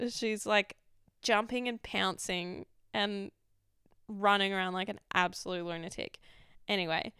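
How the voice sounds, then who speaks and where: A woman's voice: mid-range voice, steady tone, a little slow, pushed and bright, clear, resonant tone, no echo, studio quality. A young adult woman talking frankly in a rambling, confessional monologue and swearing freely. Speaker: vlogger.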